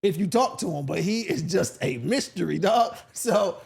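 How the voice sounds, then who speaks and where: A male comedian from Sacramento spins a long story in a relaxed podcast chat. His voice sits a bit high for a man, and he jumps into other people's voices as he tells it. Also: moderate pace, vocal fry, husky, faint music behind. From Sacramento, California. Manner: animated, acts out voices in his stories. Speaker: comedian guest.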